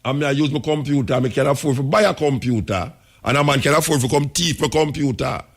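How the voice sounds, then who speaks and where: His voice is mid-range and his delivery fast. The radio host, who has a Jamaican accent, tells stories on his talk radio show in emphatic Jamaican patois.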